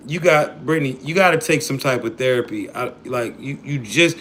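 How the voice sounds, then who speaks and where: A man's voice: medium pitch, moderate pace, hardly any pauses, a bit bright. A man hosting a livestream, talking loosely and profanely to his chat in disbelief. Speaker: livestream host.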